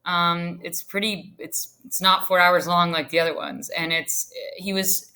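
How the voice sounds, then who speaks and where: Chatty woman teacher, bright voice. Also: on the low side, steady tone, measured pace. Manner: chatty, checks in with "right?". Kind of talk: recorded class lecture.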